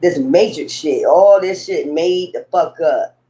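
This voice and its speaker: A woman's voice: sits low, unhurried, dark tone. A woman giving a casual tarot reading in a blunt, profane, scolding way, full of rambling sassy asides. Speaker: tarot reader.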